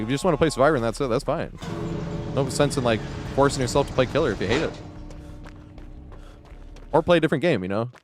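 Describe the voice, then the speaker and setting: A man streaming games and chatting casually, rambling with lots of fillers and quick laughs. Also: mid-range voice, a little mellow. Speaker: game streamer. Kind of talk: casual live-stream chat.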